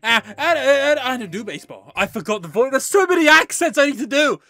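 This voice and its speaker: A man's voice: very high voice, big pitch swings, brisk, bright, forceful tone. A man playing a game, reading the dialogue aloud in different voices, swearing and joking between lines. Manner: swears and laughs often, jokey asides. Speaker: let's play gamer.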